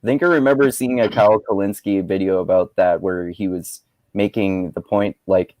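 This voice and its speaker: A man's voice: sits low, fairly even intonation, moderate pace, a little mellow, no echo, low-quality recording. Male co-host, loose and profane, laughs a lot, dry close sound. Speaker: podcast co-host. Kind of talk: casual podcast chat.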